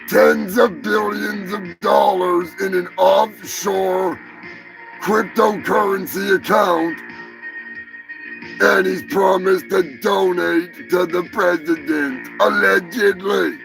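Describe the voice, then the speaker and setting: Male comedy host, gravelly and high, slow sarcastic rant over music. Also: steady tone, low-quality recording. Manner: sarcastic, profane, bursts into shouting. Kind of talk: comedic rant on a live show.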